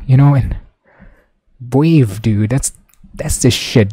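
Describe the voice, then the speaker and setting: A young man hosting a casual solo podcast, rambling and swearing, dropping to mumbles and then bursting out loud. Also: mid-range voice, slow, pauses often, slightly rough, dry recording. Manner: rambling, profane, swings between mumbling and loud outbursts. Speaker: podcast host.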